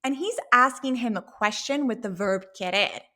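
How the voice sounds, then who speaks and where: A woman teaching a Spanish lesson, explaining a sample dialogue clearly and patiently. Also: fairly high pitch, sharp tone. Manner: clear, patient, slow when modeling Spanish phrases.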